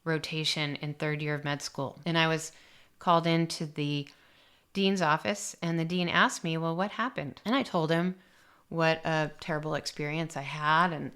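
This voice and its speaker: A woman's voice: low-pitched, fairly bright tone, clear, resonant tone. A woman doctor hosting a podcast, candidly telling a personal story and reading parts of it aloud in a reflective way. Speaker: aesthetic medicine doctor and podcast host.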